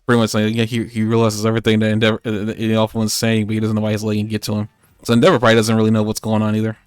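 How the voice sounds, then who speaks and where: A man's voice: fairly low pitch, completely flat delivery, very fast, smooth, no echo, clean studio sound, soft background music. A man co-hosting a podcast, recapping an anime episode in casual, rambling chat with lots of fillers and jokes. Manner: rambling, joking, many fillers. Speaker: podcast co-host.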